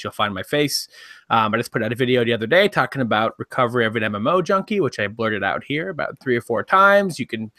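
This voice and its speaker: A man and YouTuber on a casual group podcast, plugging his channels in a relaxed, slightly halting way. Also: medium pitch, dry recording, clean studio sound.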